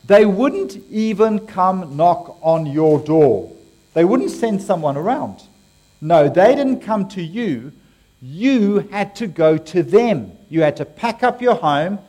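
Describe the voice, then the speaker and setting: A man's voice: high-pitched, dark tone. A man with an Australian accent giving a playful, interactive sermon, joking with and quizzing his congregation. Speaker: preacher.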